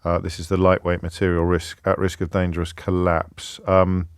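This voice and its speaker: A radio phone-in host with a fairly low voice, speaking close to a studio microphone with a dry, dead sound. He is wry and self-mocking and keeps the chat loose with callers. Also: monotone, normal speed, clear, resonant tone, no echo. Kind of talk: live talk radio.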